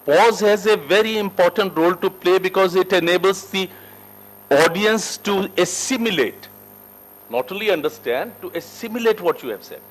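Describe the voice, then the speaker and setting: A man leads a corporate soft skills class in a fairly high voice. He moves through sweeping rises and drops in pitch and loudness, putting questions to the group and then answering them himself. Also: moderate pace, low-quality recording. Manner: emphatic, lively teacher with wide shifts in pitch and loudness. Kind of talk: classroom lecture. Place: training room with a group.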